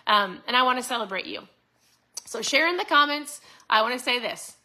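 A woman in her forties hosting a casual motivational talk, upbeat and chatty, often tossing in a quick "right?" to her listeners. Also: on the high side, expressive, sharp tone. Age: 40s. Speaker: host.

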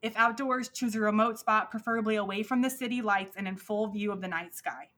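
A woman's voice: mid-range voice, a little fast, fairly bright tone. A woman co-hosting a podcast, talking in a casual, chatty way with lots of filler words. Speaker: podcast co-host. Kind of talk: casual chat.

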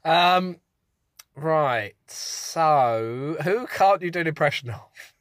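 A man's voice: fairly high pitch, animated, takes it slowly, a bit bright, dry recording, clean studio sound. A British man co-hosting a podcast in casual chat, easygoing and amused. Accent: British English. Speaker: podcast co-host.

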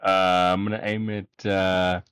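A man with a smooth, resonant, fairly low voice, playing in a tabletop session. He speaks slowly and haltingly, repeating words while he makes up his mind. The sound is dry and close. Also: level tone, a bit bright, dry recording. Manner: hesitant, repeats himself while deciding. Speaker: player. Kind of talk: casual tabletop play.

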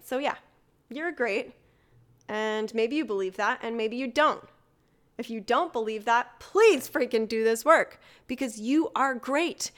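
A woman hosting a motivational solo podcast, talking casually, laughing easily and swearing now and then. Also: on the high side. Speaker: podcast host.

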